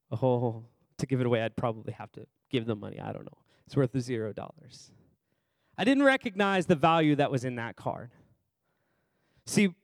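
A man's voice: medium pitch, dry recording. A man preaching a sermon as pastor in a church service, chatty and conversational, quizzing the congregation by name and repeating phrases for emphasis.

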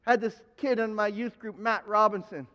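A man pastor preaching a sermon in an animated way, acting out Bible figures in quick asides. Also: high voice. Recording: dull sound with long hall reverb.

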